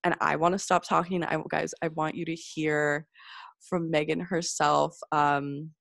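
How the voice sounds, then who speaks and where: A woman podcast host with a low, deep-set voice, gushing and excitable, her talk full of likes and ums. The sound is dry and close, with no room around it. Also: unhurried, gravelly, dry recording. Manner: gushing, excited, many fillers. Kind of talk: casual podcast chat.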